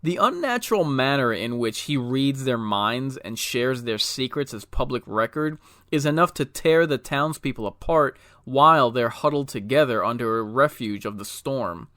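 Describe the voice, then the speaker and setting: A man's voice: mid-range voice, animated, moderate pace, a bit bright, no echo. A man reading a scripted film review with dry, wry humor.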